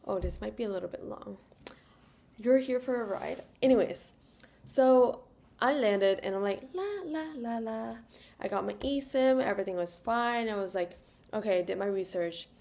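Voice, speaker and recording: Speaking at a moderate pace in a medium-pitched, slightly mellow voice with vocal fry, a young woman vlogs a travel story. She rambles casually with lots of "like," little asides, and fillers, even singing "la la" to herself as a chatty travel vlogger.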